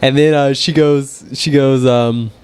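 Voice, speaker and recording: A young man co-hosting a podcast in casual, profane chat who jumps into high-pitched impressions of people. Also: a little slow, clear, resonant tone. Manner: animated, swearing, mimics people with pitched-up voices. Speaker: podcast co-host.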